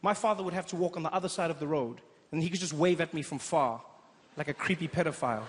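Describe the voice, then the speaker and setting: A man in his thirties with a South African accent, doing a playful stand-up set on a theater stage. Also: fairly high pitch. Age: 30s. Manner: animated, quick, playful storytelling. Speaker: stand-up comedian. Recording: echoey theater with crowd noise.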